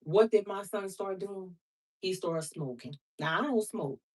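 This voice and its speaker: A woman's voice: medium pitch, a little slow, distant mic. A woman who reads tarot, talking casually and bluntly to her viewers, calling them sister and baby and swearing freely. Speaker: tarot reader. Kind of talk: casual vlog chat to viewers.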